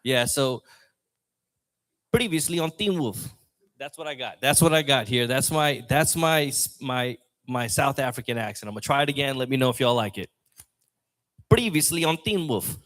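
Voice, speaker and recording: A man's voice: medium pitch, steady tone, brisk, hardly any pauses, a bit bright. Rambling open mic comedian, a man. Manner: rambling, loose, chatty delivery. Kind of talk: stand-up comedy set. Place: comedy lounge stage.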